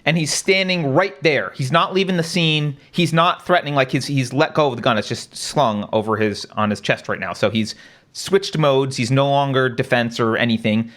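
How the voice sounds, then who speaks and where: A man's voice: medium pitch, normal speed, fairly bright tone. A man hosting a talk stream, walking through events in a casual, conversational way, asking rhetorical questions and often adding "right?". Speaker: show host. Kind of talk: live-stream commentary.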